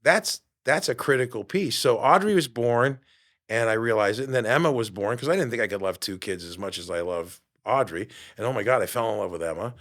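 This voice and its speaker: In a mid-range voice and at a fairly quick clip, a fiftysomething podcast host and fitness coach gives a lively motivational monologue, performing the voices of people he quotes.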